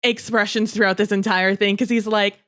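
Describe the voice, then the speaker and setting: Chatty woman with a smooth voice. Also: mid-range voice, moderate pace. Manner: chatty, animated, acts out characters' lines, swears casually. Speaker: podcast co-host. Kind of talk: casual book discussion podcast.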